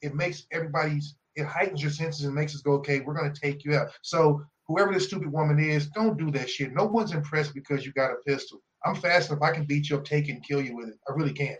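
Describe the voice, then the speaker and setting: A man co-hosts a casual podcast and tells a rambling story, full of swearing. He acts out each person in it. His voice sits a little higher than most men's. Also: fast talker, hardly any pauses, muffled recording. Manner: animated, profane, acts out the people in his story. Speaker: podcast co-host. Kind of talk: casual chat, storytelling rant.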